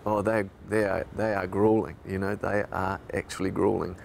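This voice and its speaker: A man's voice: deep voice, flat delivery, moderate pace, creaky, darkish tone, slight background noise. A man, a radio broadcaster recalling events in an interview, reflective and emotional.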